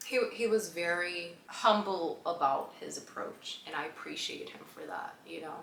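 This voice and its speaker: A woman's voice: lowish voice, moderate pace, hardly any pauses, fairly bright tone. A woman vlogger telling stories casually to the camera, chatty and full of fillers, laughing often. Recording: echoey room with faint background hum.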